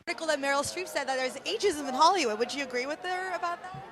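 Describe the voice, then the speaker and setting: A woman's voice: sits high, fast talker. A woman reporter asking questions and giggling. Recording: outdoor crowd noise.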